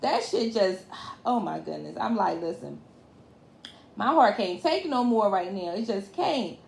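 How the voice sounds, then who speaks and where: A woman's voice: mid-range voice, echoey room. A woman recapping a reality TV episode in a casual, colloquial chat, with lots of fillers and frequent laughs. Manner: chatty, colloquial, laughs often, many fillers.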